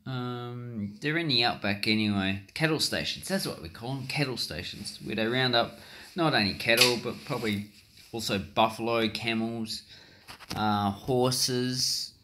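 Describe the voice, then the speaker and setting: Australian man, casual YouTuber voice-over, middle pitch, rambling and chatty. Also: pushed and bright. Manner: rambling, chatty, with frequent ums and self-corrections. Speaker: coin collecting YouTuber. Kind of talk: casual screen-recorded commentary. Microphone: screen recorder voice-over.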